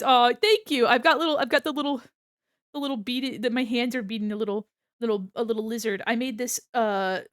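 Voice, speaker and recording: A woman's voice: fairly high pitch, dry recording, studio quality. A woman hosting a stream who chats casually and rambles, distracted while she beads small crafts. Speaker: streamer host.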